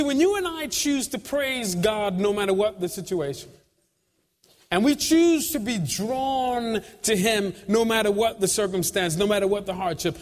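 A man preaching a sermon, speaking in slow, broken phrases with dramatic pauses, swinging between quiet prayer and shouted peaks, with frequent conversational asides to the congregation. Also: high voice. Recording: long hall reverb.

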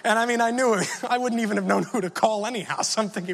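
A man with a high-pitched voice delivers a sermon, telling a personal story in an easy, conversational way. He often turns to ask the listeners questions. His voice rings out with the long reverb of a large hall. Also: quick pace, gravelly, fairly bright tone. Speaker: preacher.

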